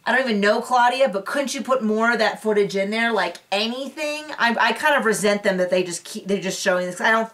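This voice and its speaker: A woman's voice: medium pitch, steady tone, fast talker, few pauses, a bit bright, distant mic. A woman hosting a casual recap show, chatty and opinionated with sarcastic asides, recorded a bit away from the mic.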